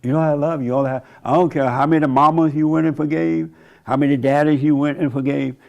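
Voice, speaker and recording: A man's voice: on the high side, steady tone, fast, vocal fry, highs cut off. A man in his seventies giving a folksy, conversational sermon monologue as a church host, often laughing and mocking. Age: 70s.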